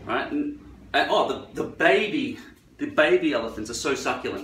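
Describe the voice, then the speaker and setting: A man's voice: medium pitch, expressive, moderate pace, a bit bright, far from the mic. Man ranting profanely in a roomy echo. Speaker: vlogger. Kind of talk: rambling monologue while trimming hair. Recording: roomy echo, away from the mic.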